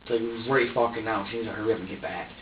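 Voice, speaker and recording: A man being questioned as a suspect, recounting events in an agitated, profane, halting way, distressed and near tears. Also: lowish voice, steady tone, slight background noise. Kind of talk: emotional recounting under questioning. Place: police interview room. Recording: echoey, distant, dull room recording.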